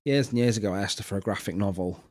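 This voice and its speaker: A man's voice: lowish voice, rapid-fire. A man, co-hosting a podcast in casual chat, telling stories animatedly. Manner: animated storytelling, puts on quoted voices. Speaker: podcast co-host.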